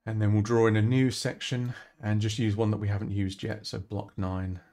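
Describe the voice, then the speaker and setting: A man's voice: lowish voice, little pitch movement, moderate pace, dark tone. A man chatting casually on a live stream while working on a song, talking things through and poking fun at himself. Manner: chatty, self-deprecating, thinking aloud. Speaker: musician streaming his song production.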